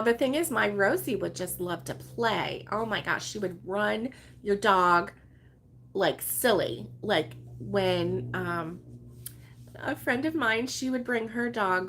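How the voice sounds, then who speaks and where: Woman, crochet stream host, rambling chatty talk, laughs often, mid-pitch voice, at home. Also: slow pace, creaky, a bit bright, a little hiss or hum. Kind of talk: casual livestream chat reading viewer comments. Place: her home, with dogs around.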